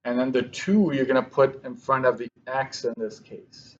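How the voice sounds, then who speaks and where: A man's voice: mid-range voice, steady tone, moderate pace. Man teaching math, dull lo-fi sound. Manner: talks to students while writing, with self-corrections. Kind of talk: classroom lesson walkthrough.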